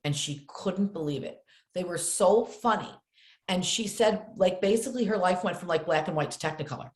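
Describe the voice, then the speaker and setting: A middle-aged woman telling animated stories as a podcast guest, acting out the voices of her family. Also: fairly low pitch, fairly quick, roomy sound. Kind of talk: casual storytelling interview.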